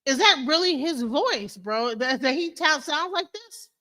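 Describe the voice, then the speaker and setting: A woman hosting a stream, reacting to clips in casual, animated and incredulous commentary that she speaks straight to her viewers. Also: high voice, unhurried. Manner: animated, incredulous, talks to viewers as "bro" and "y'all". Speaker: stream host.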